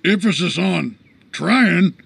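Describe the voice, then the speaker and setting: A man playing a gruff, bossy old army sergeant in an animated series, with a blustering, raspy voice. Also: sits high, slow pace, full character voice. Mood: grumpy. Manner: blustering and loud.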